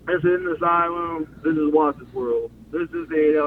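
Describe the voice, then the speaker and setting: A man's voice: a little high, normal speed. A man, a former wrestler, telling long stories in a casual interview, acting out quotes and laughing often. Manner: animated storyteller, acts out quotes, laughs often. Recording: phone-line audio with faint noise.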